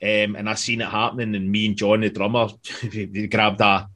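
A man's voice: lowish voice, level tone, moderate pace, fairly bright tone. A man telling sweary, laughing stories in casual chat as a band member on a podcast. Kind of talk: casual storytelling.

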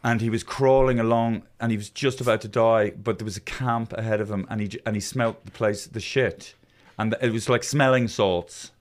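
A man's voice: lowish voice, fairly even intonation, moderate pace, hardly any pauses. A man hosting a comedy podcast, talking bluntly, swearing a lot and often laughing. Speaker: podcast host. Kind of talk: casual comedic chat.

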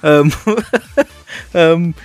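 Easygoing man, slightly high voice. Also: flat delivery, extremely slow, clean tone, no echo. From United Kingdom. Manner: laughs often, easygoing. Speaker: podcast co-host. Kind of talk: casual chat. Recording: faint music behind.

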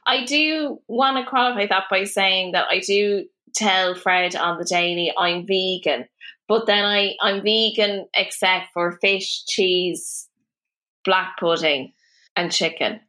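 An Irish woman in her thirties chatting easily on a podcast. Her voice is bright, with a clear forward edge, and she tells stories freely, swearing as she goes. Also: mid-range voice, slow pace. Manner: chatty, storytelling, swears casually. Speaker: podcast co-host. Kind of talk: casual chat.

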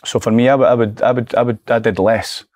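A man's voice: medium pitch, quick pace, no echo, studio quality. A Scottish man in his forties, a former footballer, chatting as a podcast guest and acting out his old remarks as he tells stories. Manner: animated storyteller, acts out his own past remarks. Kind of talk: casual podcast chat.

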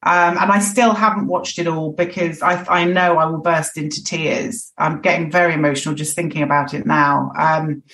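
A woman's voice: sits low, fairly even intonation, moderate pace, few pauses, fairly bright tone. Woman guest opening up on a podcast, restarts her sentences a lot, sounds far off and roomy. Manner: frank, reflective, restarts phrases often. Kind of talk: candid podcast conversation. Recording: echoey, distant mic.

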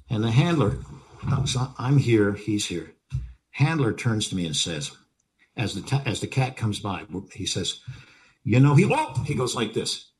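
An older man, an actor and interview guest, telling stories vividly, acting out moments and repeating phrases for effect. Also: lowish voice. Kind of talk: animated anecdote telling.

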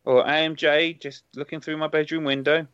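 A man's voice: on the high side, little pitch movement, a little fast, fairly bright tone, clean tone, dry recording. A man, a comedian on a podcast, chatting casually in a playful, teasing way. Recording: dry, dull lo-fi sound.

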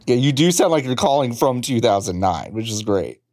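A man hosts a comedy podcast like a game show. His pitch jumps all over the place as he hams up the announcer patter, swinging from low and drawn-out to high and excited. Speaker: podcast host.

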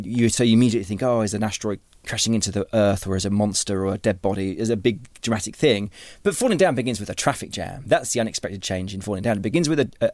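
A man's voice: fairly low pitch, darkish tone, no room sound. Man, author-teacher, rambling interview talk, lots of restarts, dry sound. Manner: rambling, many restarts and repeated words. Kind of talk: conversational interview.

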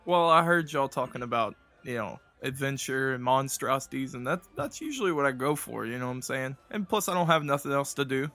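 A man's voice: medium pitch, animated, brisk, few pauses, sharp tone. A man playing a tabletop game in character as a gnome, laid-back and teasing. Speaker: player voicing a gnome.

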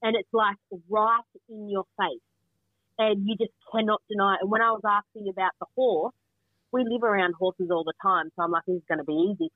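A woman's voice: medium pitch, fairly even intonation, normal speed, dry recording. A middle-aged woman as a guest, chatting earnestly and eagerly over a remote call. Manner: earnest, enthusiastic storyteller. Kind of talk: casual chat. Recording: tinny phone-line sound.

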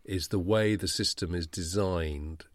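Man, very deep voice, dry close sound, thoughtful, explains at length. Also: unhurried, no room sound. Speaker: podcast co-host. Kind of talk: casual chat.

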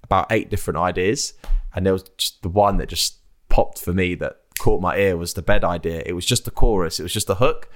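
A man, a music artist chatting casually in an interview and telling animated stories. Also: low voice, fairly quick. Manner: chatty, animated storytelling with impressions.

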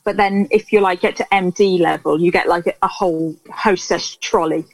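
A woman's voice: fairly low pitch, steady tone, normal speed, dry recording, low-quality recording. A woman co-hosting a podcast, chatting casually and hesitantly with lots of fillers and restarts. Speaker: podcast co-host. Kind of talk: casual chat about an old TV series.

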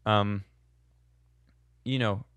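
A man's voice: fairly low pitch, fairly even intonation, extremely slow, a bit bright, smooth, dry recording. A young man casually answering viewer questions in a blunt, sardonic way, chuckling at his own jokes. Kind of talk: casual Q&A monologue.

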